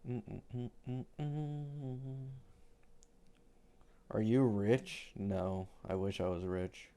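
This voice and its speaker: A man's voice: deep voice, steady tone, takes it slowly, vocal fry, dark tone. A young man from Canada with a slight Canadian accent, chatting casually on a livestream, reading viewer questions aloud in a laid-back, slangy way. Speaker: streamer answering chat.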